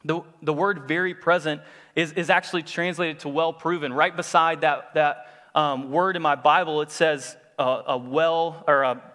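A man's voice: on the high side, steady tone, normal speed, bright, forceful tone. Young man preaching in a reverberant hall. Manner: conversational, many fillers and restarts. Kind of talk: sermon with personal story.

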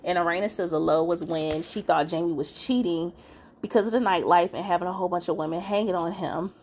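A woman hosting a podcast, giving a casual, chatty recap full of fillers and expressive asides. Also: fairly low pitch, brisk. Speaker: podcast host.

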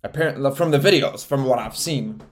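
A young man hosting a casual solo podcast, rambling with lots of swearing and frequent laughter, getting loud and animated when he gets worked up. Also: medium pitch, a little fast. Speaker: podcast host.

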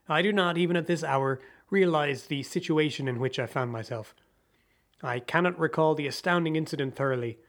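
A man reading a story aloud as a dramatic audiobook narration, with a measured, theatrical delivery. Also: a little high, a bit bright.

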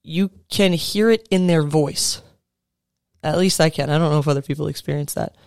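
A sports coach in his thirties gives a motivational talk to fellow coaches, earnest and conversational with casual fillers and restarts. His rather high voice runs at normal speed, creaky yet clear and resonant with a darkish tone, recorded in studio quality with no echo.

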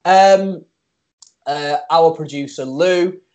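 A man's voice: on the high side, animated, normal speed, a little mellow. A man co-hosting a casual chat podcast, jokey and self-mocking. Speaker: podcast co-host.

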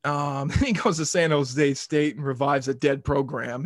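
A man's voice: mid-range voice, steady tone, moderate pace, hardly any pauses, no echo, clean studio sound. A man hosting a casual sports podcast, rambling and joking, ranting and swearing as he goes. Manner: rambling and jokey, swears and rants. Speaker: podcast host.

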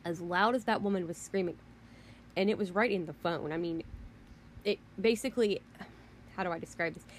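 A woman's voice: fairly low pitch, moderate pace, pauses often, slight background noise. A woman vlogger delivering a rant, emphatic and rambling, who keeps repeating herself. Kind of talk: ranting monologue.

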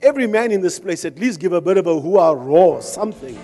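High-voiced impassioned male preacher. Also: animated, fairly quick. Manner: impassioned, rising to shouts, jokes with the crowd. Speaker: preacher at a men's conference. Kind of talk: fervent sermon. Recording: long hall reverb with music behind.

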